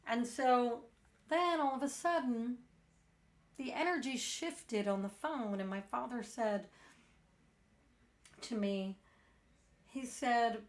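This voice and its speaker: A woman's voice: fairly high pitch, slow pace, pauses often. A middle-aged woman hosting a meditation podcast, telling a personal story candidly in a frank, earnest way with blunt wording.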